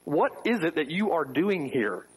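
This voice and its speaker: A man's voice: fairly high pitch, sing-song, unhurried, breathy edge, poor audio. A man preaching a sermon to his congregation, firing off rhetorical questions with wry asides. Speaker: pastor. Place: church.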